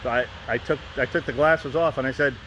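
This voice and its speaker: A man's voice: medium pitch, steady tone, fairly quick, bright, forceful tone, dull audio, a little hiss or hum. A man live-streaming from a phone outdoors, rambling casually with frequent restarts and asides. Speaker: vlogger and fan group host.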